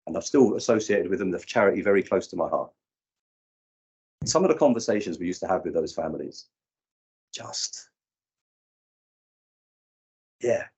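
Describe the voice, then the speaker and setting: A man's voice: deep voice, brisk, pauses often, husky, highs cut off. A man in his fifties speaking at a conference session, telling stories and acting out what people said. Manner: animated storyteller acting out quoted people. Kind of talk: live breakout session talk. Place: conference room.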